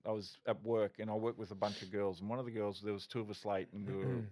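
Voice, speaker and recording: A man's voice: lowish voice, fast. Man, middle-aged, ex-cop podcast guest, candid, blunt. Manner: frank, animated, swears, restarts often. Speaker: podcast guest, former police officer. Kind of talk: candid conversational storytelling.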